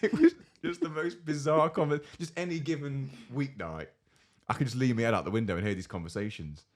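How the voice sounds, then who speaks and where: A man's voice: medium pitch, big pitch swings, a little fast. A man co-hosting a podcast, telling rambling, amused stories in casual chat. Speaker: podcast co-host.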